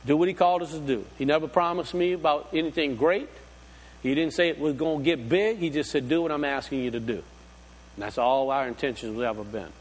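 A man's voice: on the high side, fairly quick, big-room sound. A man preaching a sermon, folksy and full of rhetorical questions. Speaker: pastor.

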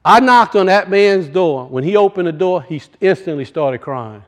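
A man preaching a sermon and telling a personal story, swinging from loud bursts to hushed, quiet lines. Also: sits high, animated, moderate pace. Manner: rises loud then drops to hushed, storytelling.

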